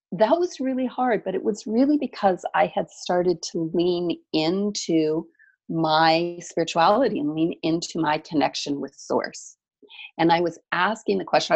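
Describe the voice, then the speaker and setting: A middle-aged woman from California, a guest telling her story in a reflective way with many soft pauses. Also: low voice, gravelly, muffled recording. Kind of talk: personal storytelling in conversation.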